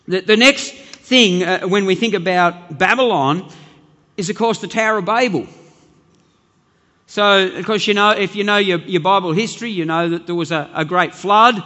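A man's voice: high voice, moderate pace, pushed and bright, in a large hall. A man preaching a sermon as pastor, earnest and emphatic, often repeating words as he builds his point.

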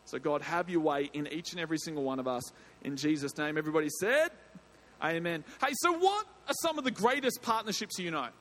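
A man's voice: fairly high pitch, animated, fast, a bit bright. A man preaching an evening sermon in a church, chatty and jokey, often breaking off mid-sentence and bursting into emphasis. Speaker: pastor. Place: church hall.

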